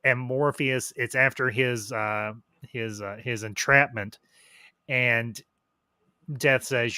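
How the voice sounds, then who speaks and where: A man hosts a relaxed review chat in a bright, forceful voice, recorded close and dry with no room sound. He rambles through his points, stopping and restarting as he digs for names and details. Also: medium pitch, takes it slowly, clean tone, no room sound. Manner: rambling, restarts and trails off while recalling details. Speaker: host.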